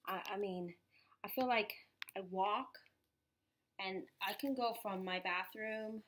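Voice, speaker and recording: A woman's voice: mid-range voice, slow pace, a bit bright, a little hiss or hum. Emotional, tired woman vlogging. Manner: emotional, apologetic, rambling. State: tired and sore. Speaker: vlogger recovering from surgery. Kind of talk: casual personal vlog. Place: at home.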